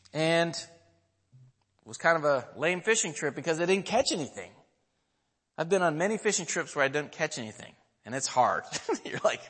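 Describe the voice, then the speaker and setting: A man's voice: on the high side, a bit bright, big-room sound. A man in his thirties, a pastor preaching a sermon, telling a story and asking the listeners questions.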